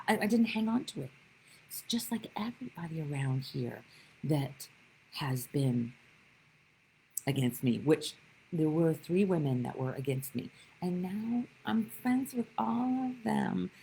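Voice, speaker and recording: A woman's voice: sits low, a little mellow, husky, poor audio. A woman giving a live-streamed spiritual talk, telling stories with animation and greeting viewers by name. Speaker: spiritual teacher.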